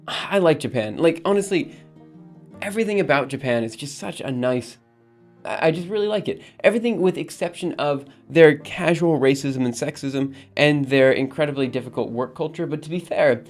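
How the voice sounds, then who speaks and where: A man streaming live, rambling casually as he answers his chat. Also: on the high side.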